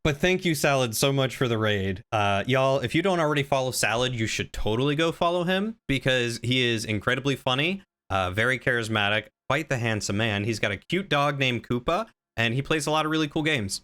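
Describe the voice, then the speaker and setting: Bright, clear-voiced male streamer. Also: mid-range voice, expressive, brisk. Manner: playful, rambling, answers chat with teasing. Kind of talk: casual live-stream chat.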